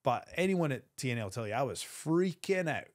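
Give me a man telling stories with lively jumps in pitch, in a dry studio. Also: no echo. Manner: animated storyteller, quick bursts of pitch. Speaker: wrestler guest. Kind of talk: storytelling interview.

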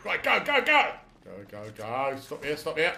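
A middle-aged British man narrates his video game play with a high, bright voice that swings widely in pitch. His tone has a gravelly edge, and he swears and laughs freely in a casual running commentary. He is recorded in an echoey room. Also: huge pitch swings, normal speed, a little hiss or hum. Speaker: gamer playing through a video game.

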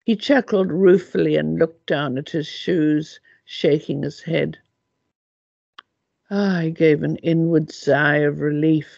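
An older woman from Africa, reading her own memoir aloud in an unhurried storytelling manner. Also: low-pitched, steady tone, gravelly, a little mellow, dry recording. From South Africa. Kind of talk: audiobook reading. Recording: dull lo-fi dry recording.

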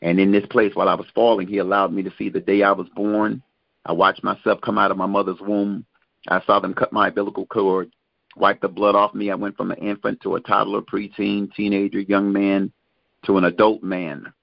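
Middle-aged male minister, deep and gravelly, measured and halting, dull lo-fi recording. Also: level tone, no echo. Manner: slow, measured storytelling with many pauses. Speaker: guest minister. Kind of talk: personal religious testimony. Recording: dull, muffled lo-fi sound.

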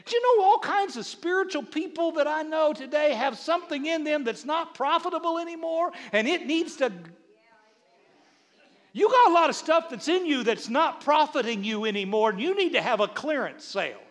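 Man, middle-aged, pastor, sermon, high voice, long hall echo. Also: normal speed. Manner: animated, repeats words, acts out his wife's voice. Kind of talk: sermon with humorous storytelling. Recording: long reverb of a large hall.

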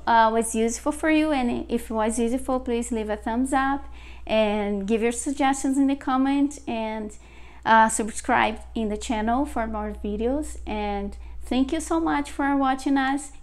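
Slow-paced Brazilian woman teaching pronunciation. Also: fairly high pitch, darkish tone, clean tone. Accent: Brazilian Portuguese. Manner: repeats words slowly, frequent "okay?" checks. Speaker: language teacher.

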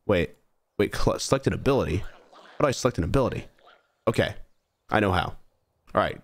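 A man's voice: fairly low pitch, animated, a little fast. A young man streaming a game, animatedly bossing his creatures around as he plays. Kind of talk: live gameplay commentary.

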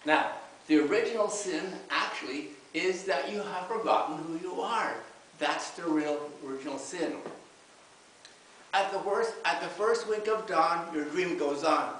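A man delivers a church sermon in a slightly high voice, opening with a lighthearted story before turning earnest. He is recorded from a distance in a very echoey hall. A faint hiss runs under the recording. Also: measured pace, fairly bright tone. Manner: humorous storytelling then earnest preaching. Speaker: minister.

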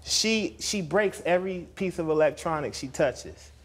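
A man's voice: on the high side, expressive, a little slow. A man in his thirties, a litigant on a court show, answering defensively and repeating himself. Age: 30s.

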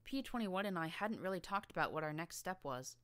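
A woman's voice: fairly low pitch, expressive, a little fast, a bit bright, dry recording. A woman narrating a first-person story in a dry, wry storytelling manner. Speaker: audiobook narrator.

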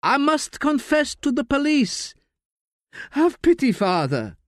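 A man's voice: very high voice, sing-song, slow, dry recording, studio quality, pitched above the performer's own voice, exaggerated voice. A man voicing a frail, dying old man whose voice is brittle, thin and cracking, in an audiobook reading. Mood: pleading. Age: older.

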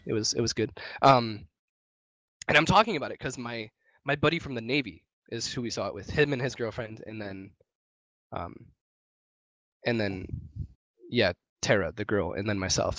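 A man's voice: fairly low pitch, fairly bright tone, no echo. A young man and podcast co-host telling a long personal story in casual chat, rambling and swearing with many restarts.

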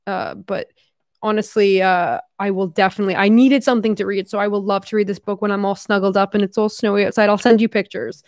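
A young Canadian YouTuber in her twenties reads fan mail aloud in a casual vlog, chatty and giggly, swearing casually and drifting into a mock Australian accent as she reads. Her medium-pitched voice is steady and fast, in clean studio sound with no room echo.

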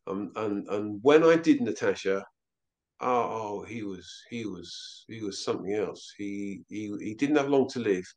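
A man telling a personal story as an interview guest, halting and often repeating himself. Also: on the low side, lively intonation, a little mellow. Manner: halting, with frequent stammered repeats.

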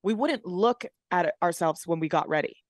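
A woman's voice: on the low side, lively intonation, normal speed, no room sound, studio quality. A young woman co-hosting a podcast in casual chat, slangy and profane, with "dude" and "man" in every other sentence. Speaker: podcast co-host.

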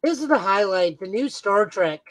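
A woman's voice: medium pitch, animated, normal speed, dry recording, poor audio. A woman co-hosting a casual podcast who recaps comic plots in detail with frequent filler words. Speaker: podcast co-host.

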